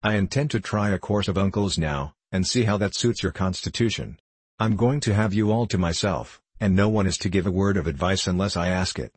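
Storybook uncle read by a man: low, husky, hearty and kind doctor. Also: no echo. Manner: warm, hearty, occasionally bursting out. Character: kindly middle-aged male doctor uncle, hearty and tender. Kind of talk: audiobook character reading.

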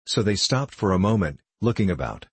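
A man reading a classic novel aloud in a measured, formal, ironic manner. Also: deep voice, big pitch swings, slightly rough, dry recording. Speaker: audiobook narrator. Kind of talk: scripted narration of a classic novel.

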